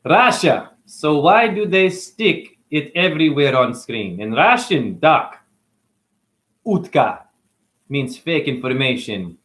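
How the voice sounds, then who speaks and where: Slow, musing man riffing on words. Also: on the high side, big pitch swings, fairly bright tone. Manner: free-associating wordplay, musing. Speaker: spiritual teacher. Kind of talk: rambling spiritual monologue.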